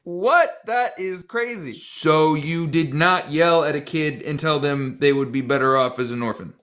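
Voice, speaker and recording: A comedy sketch performer doing all the roles himself, switching quickly between characters. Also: mid-range voice, a bit bright.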